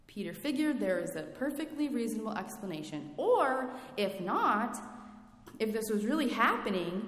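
A woman's voice: on the high side, very animated, moderate pace. A woman preaching a sermon in a reflective way, asking her listeners questions. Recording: echoey hall with long reverb.

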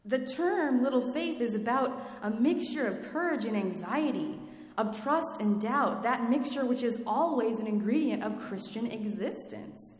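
A woman with a slightly high voice delivers a reflective sermon and asks her listeners questions. Her voice fills a large, echoing hall with a long reverb tail. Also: animated, unhurried. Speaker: preacher.

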